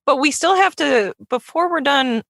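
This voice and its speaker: A chatty, giggly woman talks in a casual podcast chat. Her voice sits a little high, and it is recorded dry and close with no room sound. She jokes about herself as she goes. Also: lively intonation, normal speed, creaky, fairly bright tone, no echo. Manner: chatty, giggly, self-mocking, puts on silly voices. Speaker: guest cohost.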